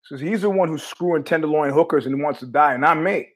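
A man's voice: on the high side, a little fast. A man hosting his own show, telling a story in a blunt, profane, conversational way. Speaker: host. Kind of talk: casual storytelling monologue.

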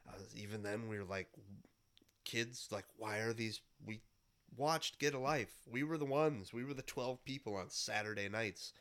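A man's voice: lowish voice, a bit bright. A man in his thirties with a cold, hosting a podcast in a rambling, nostalgic monologue full of fillers and restarts. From Midwestern United States. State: has a cold. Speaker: podcast host. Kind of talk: casual monologue.

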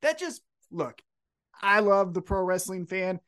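Dude cohosting a wrestling pod, swears a lot, opinionated, voice swings all over, kinda high. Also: male voice, animated, a little slow, a bit bright. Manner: profane, opinionated ranting. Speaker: podcast co-host. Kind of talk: casual wrestling podcast chat.

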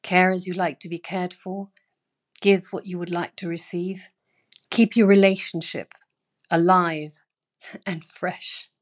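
Female newsletter host reading aloud at home; slow, earnest, leaning hard on key words. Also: lowish voice, flat delivery. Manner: earnest, emphatic reading with sudden stressed words. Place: bedroom.

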